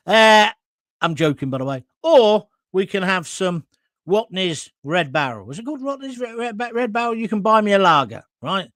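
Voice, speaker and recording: A man's voice: high-pitched, fairly bright tone, no echo. A man, hosting an online talk show and chatting casually through viewer comments in a blunt, jokey way with crude asides. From England.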